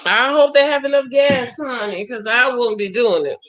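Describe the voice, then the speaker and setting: A woman's voice: fairly high pitch, fairly even intonation, normal speed, fairly bright tone, dull audio. A woman in her forties from Jamaica, chatting and exclaiming as she reacts live to a show, greeting her viewers. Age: 40s. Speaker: reaction host. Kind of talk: live watch-along commentary.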